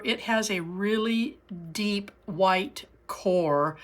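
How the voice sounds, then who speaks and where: Slow-talking woman narrating a craft tutorial. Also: medium pitch, bright, forceful tone. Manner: chatty, with frequent fillers and restarts while working. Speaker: crafting channel host.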